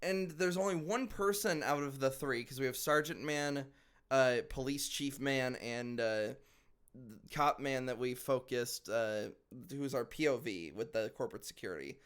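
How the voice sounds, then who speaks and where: A man's voice: mid-range voice, unhurried, fairly bright tone, clear, resonant tone. A man co-hosting a podcast in casual review chat, arguing his points and often restarting his sentences. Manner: argumentative, restarts sentences, frequent uh and like. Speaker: podcast co-host.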